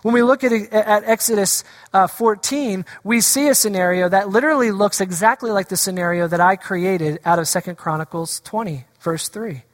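A pastor delivers a sermon in a church sanctuary, putting question after question to the congregation. The voice sits in a middle pitch range. A long reverb from the hall trails each phrase. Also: moderate pace, few pauses. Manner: asks the congregation rhetorical questions; acts out quoted voices of scripture.

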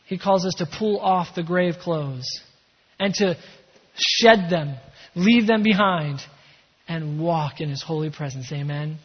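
A man preaching a sermon as pastor. He delivers it with emphatic energy and quieter reflective passages. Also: fairly high pitch, a little slow, slightly rough. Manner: emphatic preaching with shifts between energy and hushed calm. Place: church sanctuary. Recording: dull sound in a reverberant hall.

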